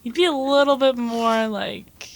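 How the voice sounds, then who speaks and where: A woman's voice: a little high, unhurried, gravelly, a little hiss or hum. A woman casually chatting with blunt, incredulous comments on a story. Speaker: co-host commenting on the reading. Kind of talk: casual comedic chat.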